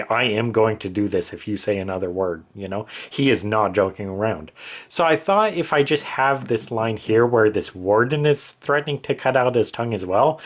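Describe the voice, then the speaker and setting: A man in casual talk, explaining changes he made to his writing, rambling with many fillers and restarts. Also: medium pitch. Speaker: author explaining his edits.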